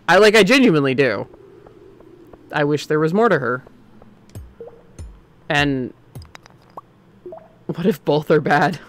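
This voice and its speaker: A man streaming a game, chatting casually and opinionated, swinging between excited outbursts and muttering. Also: a little high, measured pace, long pauses. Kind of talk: casual gameplay commentary.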